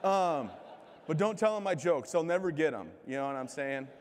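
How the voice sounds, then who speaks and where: A man's voice: on the high side, lively intonation, fast talker, a little mellow. A man from the United States telling self-deprecating, joking stories as a keynote speaker at a large event. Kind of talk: comedic motivational keynote. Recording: reverberant hall from a PA.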